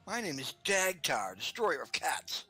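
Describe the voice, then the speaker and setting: A man voicing a proud male dog griping to other dogs in a slow, dry way. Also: fairly high pitch, sing-song, bright, forceful tone, soft background music, pitched above the performer's own voice, exaggerated voice. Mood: aggrieved.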